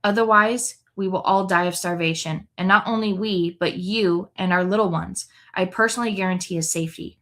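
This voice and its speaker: A woman's voice: fairly low pitch, fairly quick, few pauses, a bit bright. A woman reading the lines of a grown son who earnestly pledges to bring his brother back to his father.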